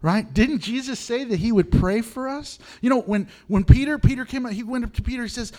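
Middle-aged male pastor, high-pitched and animated, preaching with frequent laughs. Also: a little fast, hardly any pauses. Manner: animated, laughs often, swings from low to high. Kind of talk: sermon.

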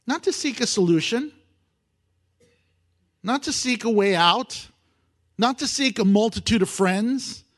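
A man preaching a sermon, animated, swinging from loud emphasis to hushed, intimate asides and acting out prayers with humor. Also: sits high, measured pace, long pauses. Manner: acts out prayers and voices with humor. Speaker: pastor.

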